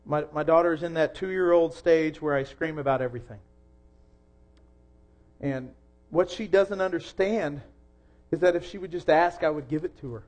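A young man preaching a sermon in a church, earnest, rising to loud emphasis and dropping soft again. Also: fairly high pitch, normal speed. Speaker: pastor.

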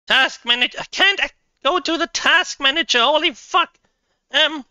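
A woman streaming a game live from her home computer setup, thinking out loud, laughing often and swearing freely. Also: sits high, normal speed, dry recording.

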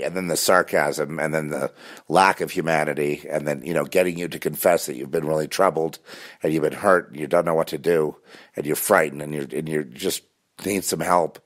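A man's voice: a bass voice, steady tone, a little fast. A man talking intensely in a rambling spiritual monologue, full of restarts and fillers.

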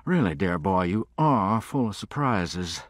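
A man's voice: low-pitched, sing-song, a little slow, dry recording, studio quality. A man voicing a wealthy, pompous and condescending man in an audiobook, with an affected, posh way of talking. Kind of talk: audiobook character voice.

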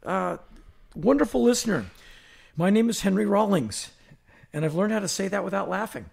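A man with a high, heavily gravelly voice that sounds husky at the edges. He co-hosts a podcast in a loose, joking manner and tells rambling stories. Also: lively intonation, normal speed, darkish tone. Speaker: podcast co-host. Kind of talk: casual chat and read ad.

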